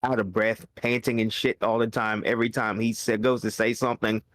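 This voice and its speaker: A man's voice: fairly low pitch, a little fast, no echo, studio quality. A man co-hosting a wrestling podcast, chatting casually and laughing often. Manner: animated, laughing. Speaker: podcast co-host.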